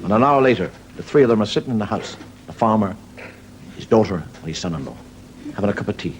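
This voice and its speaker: A man, a comedian telling a long story in a relaxed, wry way. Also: on the low side, quick pace, a little hiss or hum, rough recording. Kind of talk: storytelling stand-up. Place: television studio.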